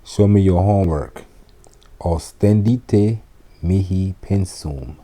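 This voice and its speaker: A man teaching spoken classroom phrases, giving each in English and then repeating it slowly and deliberately. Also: low-pitched, mellow. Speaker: Latin teacher. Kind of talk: slow classroom phrase lesson.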